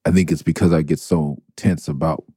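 Middle-aged male host, low and dark, spins loose laughing anecdotes. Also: a little fast, slightly rough, no echo. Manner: animated, laughing, swears freely. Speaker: podcast host. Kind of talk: casual storytelling.

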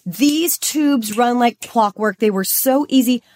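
A woman's voice: on the high side, slow pace, a little mellow. A young woman from Los Angeles co-hosting a podcast, talking in a bubbly, chatty way and saying "like" a lot. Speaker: podcast co-host. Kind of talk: casual chat.

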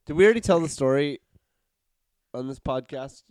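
A man hosting a casual comedy podcast, speaking a bit high for a man. He is loud and profane and laughs a lot. He breaks into jokey accents, and his voice sounds close and dry with no room echo. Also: expressive, moderate pace. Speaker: podcast host.

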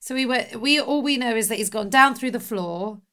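A woman playing a tabletop game, chatty and quick, often restarting her sentences. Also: a little high, pushed and bright. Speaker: player. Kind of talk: casual tabletop play.

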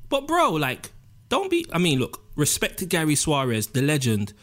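A man's voice: on the high side, wildly swooping pitch, moderate pace, a bit bright. A man, co-hosting a podcast with joking, slangy banter. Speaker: podcast co-host. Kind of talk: casual chat.

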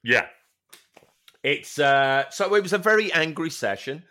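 With a fairly high pitch and a measured pace, this man co-hosts a podcast and narrates a story in casual talk. It's an animated account, peppered with curses and laughs.

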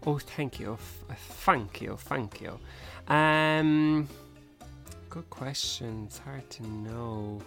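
A man's voice: medium pitch, very slow, vocal fry, a bit bright, soft background music. A man co-hosting a podcast, answering questions casually and hesitantly, with many fillers. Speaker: podcast co-host. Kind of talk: casual chat.

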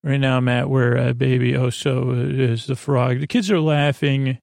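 A man hosting a sleepy bedtime podcast, rambling through an episode recap in an unhurried way with lots of fillers. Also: medium pitch, steady tone, gravelly, a little mellow, no echo, studio quality. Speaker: podcast host.

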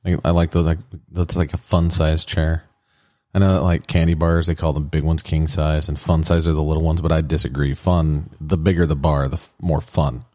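A man's voice: extremely low pitch, flat delivery, moderate pace, mellow, no room sound, studio quality. A man in his thirties co-hosting a podcast, rambling and self-mocking in casual chat. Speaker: podcast co-host.

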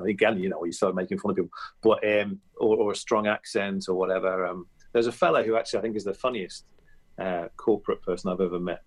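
A man speaking as a comedy guest in an interview, telling animated anecdotes with frequent restarts. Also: fairly low pitch, husky. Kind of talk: conversational interview.

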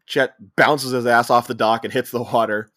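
A man co-hosting a podcast, recapping a comedy scene by scene and acting out characters' lines in quick put-on voices. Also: medium pitch, fairly even intonation, pushed and bright, no echo, clean studio sound. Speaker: podcast co-host. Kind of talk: casual movie recap chat.

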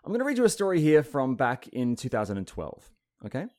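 A man's voice: mid-range voice, wildly swooping pitch, quick pace, darkish tone. A man co-hosting a podcast in casual chat, teasing and sardonic, who also reads news stories aloud. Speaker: podcast co-host.

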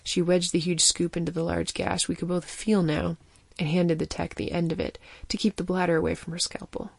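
A woman giving steady, vivid scripted narration of a fiction story. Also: lowish voice, brisk, vocal fry, breathy edge, no echo.

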